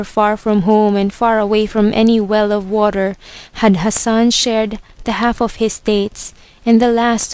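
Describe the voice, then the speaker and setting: A woman narrating a storybook with a measured, expressive reading. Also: medium pitch, clean tone, no room sound. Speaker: reader.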